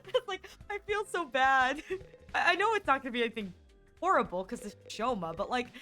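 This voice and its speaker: A young woman streaming a game, gushing and animated as she comments and reads lines aloud. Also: sits high, normal speed, soft background music. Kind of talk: let's play commentary.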